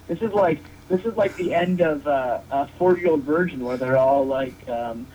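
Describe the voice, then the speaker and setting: Man, joking wrestling referee guest, slightly high voice, muffled lo-fi recording, faint hiss. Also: normal speed, hardly any pauses, a little mellow. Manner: joking, rambling with many restarts. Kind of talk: casual podcast interview. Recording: dull lo-fi sound with faint noise.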